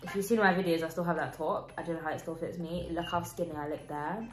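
A woman's voice: low-pitched, fairly even intonation, fast. A teenage girl, chatting in a casual reaction vlog, giggly and self-mocking. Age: teens. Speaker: vlogger. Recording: roomy echo, faint music.

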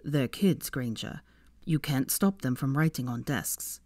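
A woman reading aloud and voicing a smug, teasing young wizard man in a low, quiet drawl. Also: animated, unhurried, no room sound, heavily acted.

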